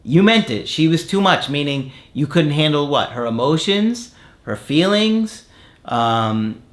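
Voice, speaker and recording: A man's voice: a little high, expressive, takes it slowly, a bit bright. A man working as a relationship coach, frankly and emphatically giving advice in answer to viewer comments.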